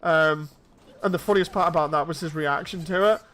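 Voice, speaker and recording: A man's voice: fairly high pitch, fairly quick, sharp tone. A man in his thirties, chatting casually and telling rambling stories while streaming a game. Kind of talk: casual chat while playing.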